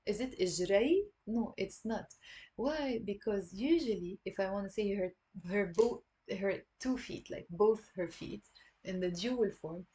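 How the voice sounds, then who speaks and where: Lebanese woman teaching with a mellow voice. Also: mid-range voice. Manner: patient, repeats words slowly for learners. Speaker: Arabic dialect teacher. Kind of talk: online language lesson.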